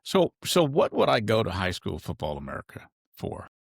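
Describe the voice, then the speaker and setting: Man, very deep voice, gravelly, halting questions, dry sound. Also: wildly swooping pitch, dry recording. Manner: short questions with halting restarts. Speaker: interview host. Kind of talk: conversational interview.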